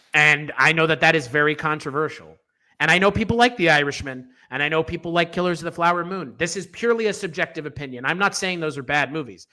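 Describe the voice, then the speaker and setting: A man's voice: on the high side, bright, forceful tone. A man co-hosting a film podcast, giving strong, emphatic opinions in a casual, rambling way with fillers and restarts.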